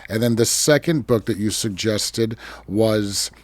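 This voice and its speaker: A man's voice: fairly low pitch, unhurried, dry recording. Laid back guy hosting a podcast, dry close sound, just chatting. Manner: easygoing, affirming interviewer. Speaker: podcast host. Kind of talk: casual interview.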